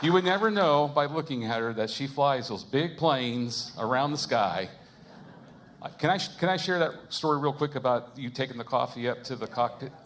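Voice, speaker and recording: A man's voice: medium pitch, animated, moderate pace, fairly bright tone, a little hiss or hum. A man hosting a live concert, chatting in a rambling way with many fillers and chuckles. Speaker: concert host. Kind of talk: casual live emcee chat. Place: church concert.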